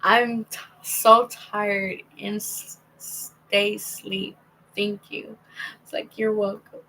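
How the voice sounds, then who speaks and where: A woman's voice: mid-range voice, little pitch movement, drawn-out words, sharp tone, a little hiss or hum, low-quality recording. A young woman telling a rambling, casual story to her viewers, reading out old text messages with many restarts. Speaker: vlogger.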